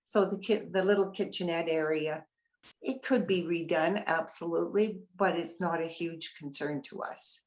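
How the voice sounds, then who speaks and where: A woman's voice: fairly low pitch, moderate pace, a little mellow, rough recording. A middle-aged woman sharing a heartfelt account of her family's experience, talking through fillers and restarts in an interview. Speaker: family member of a resident. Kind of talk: interview testimonial.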